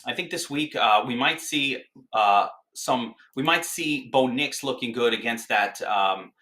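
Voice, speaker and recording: A man giving fantasy football picks on a casual sports talk show, halting and heavy with fillers. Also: mid-range voice, pushed and bright. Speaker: fantasy football guest analyst.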